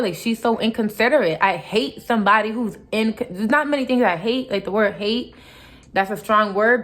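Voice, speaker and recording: A young woman tells a story straight to her viewers in a loose, conversational vlog style. She sounds fired up and animated, with lots of asides and quoted back-and-forth. Her voice sits at an ordinary middle pitch for a woman. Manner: animated, heated retelling with frequent "like" and mock quotes. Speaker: vlogger.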